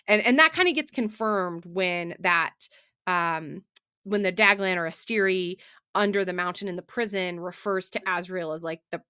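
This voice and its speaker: A woman's voice: fairly low pitch, moderate pace, clean tone, dry recording, clean studio sound. A woman co-hosting a podcast, chatting casually about books with many fillers and restarts. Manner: animated, lots of fillers and restarts. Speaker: podcast co-host. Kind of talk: casual book discussion.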